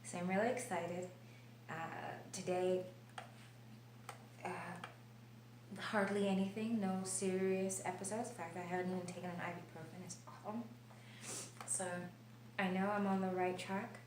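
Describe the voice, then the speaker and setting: A woman vlogging about her illness in her kitchen, telling her story with animated gestures and sometimes dropping to a quiet whisper. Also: mid-range voice, normal speed, long pauses. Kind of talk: personal video diary. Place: kitchen of an old house. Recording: roomy, distant mic with faint noise.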